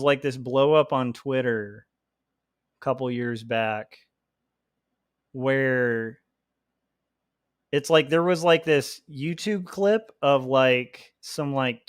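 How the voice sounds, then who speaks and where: In a dry, studio-quality recording, a man with a medium-pitched voice chats casually on his livestream as he draws comics. His talk rambles, breaks into frequent laughter, and is packed with "like."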